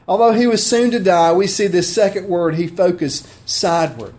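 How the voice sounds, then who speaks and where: A man's voice: sits high, normal speed, hardly any pauses, a little mellow. A man preaching a sermon, conversational and heartfelt, often asking his listeners questions. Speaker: pastor.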